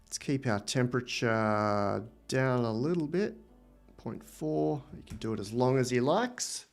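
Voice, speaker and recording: A man with an Australian accent hosting a live software demo, thinking aloud with enthusiasm as he types and explains. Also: mid-range voice, animated, a little slow, creaky, faint music behind. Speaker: livestream host.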